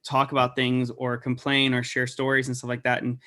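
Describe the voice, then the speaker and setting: A man's voice: medium pitch, completely flat delivery, a little fast, sharp tone. Earnest, rambling male co-host. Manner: rambling, earnest, lots of fillers. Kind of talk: casual conversational interview.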